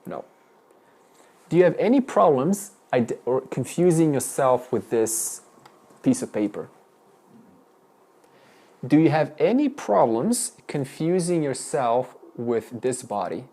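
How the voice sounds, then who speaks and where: A man's voice: mid-range voice, big pitch swings, slow pace, pauses often, mellow, breathy edge. A man teaching a spiritual class, firing questions at students with frequent restarts. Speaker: Vedanta teacher. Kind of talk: interactive spiritual lesson.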